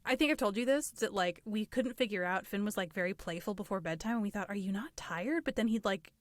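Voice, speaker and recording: Woman co-host, casual chat, playful and rambling, laughs a lot, dry close mic, mid pitch. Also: expressive, quick pace, no echo. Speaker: podcast co-host.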